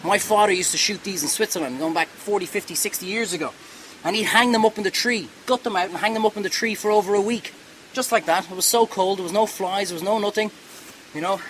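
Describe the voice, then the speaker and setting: Chatty high-voiced man teaching. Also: quick pace, a bit bright, slight background noise, low-quality recording. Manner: chatty, reassuring, digressive. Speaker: cooking show host. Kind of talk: hands-on cooking demonstration.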